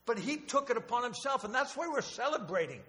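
A man's voice: extremely high pitch, sing-song, a little fast, sharp tone. An older man preaching a sermon in a church, emotional and rambling, with restarts and asides. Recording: long hall reverb.

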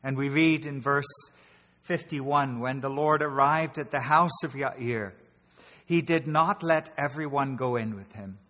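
Male preacher, earnest and explanatory, reverberant hall sound, unhurried delivery. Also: medium pitch, sharp tone. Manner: earnest, explanatory, with many pauses and restarts. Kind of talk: sermon.

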